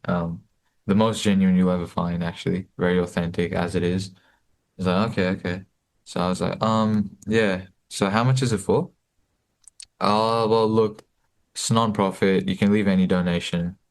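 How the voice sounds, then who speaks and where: A man's voice: sits low, steady tone, moderate pace. A young man in his late teens telling a personal story casually, with many fillers and restarts. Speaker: guest, book distributor.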